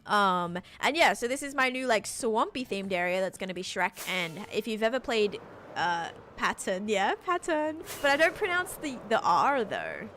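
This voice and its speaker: Lively Australian woman streamer. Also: medium pitch, normal speed, faint music behind. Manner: chatty, reads out chat messages and thanks supporters. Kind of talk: casual live-stream chat.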